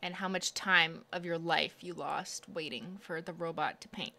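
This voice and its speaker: Chatty bright-voiced woman streamer. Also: fairly low pitch, moderate pace, few pauses. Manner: chatty, exasperated, talks straight to viewers. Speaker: nail art streamer. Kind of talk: live stream chat.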